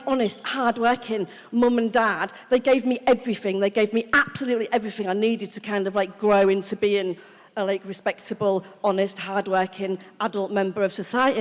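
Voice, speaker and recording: A woman from Hull, England, giving her personal testimony as main speaker at a recovery convention, excited and animated. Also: on the high side, fairly quick. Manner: excited, animated, breathless storytelling. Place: large convention hall. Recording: long reverb of a large hall.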